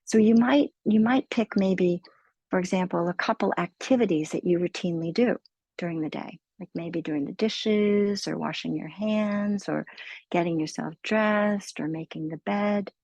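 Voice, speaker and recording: A woman meditation teacher giving a slow, gentle guided mindfulness talk in a soothing manner. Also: on the low side, no room sound, poor audio.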